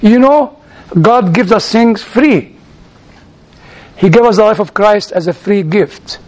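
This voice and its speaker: A man from outside the United States preaching through personal stories, halting and repeating words as he searches, with chuckling asides. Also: high voice, lively intonation, a little mellow. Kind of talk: sermon told as personal stories.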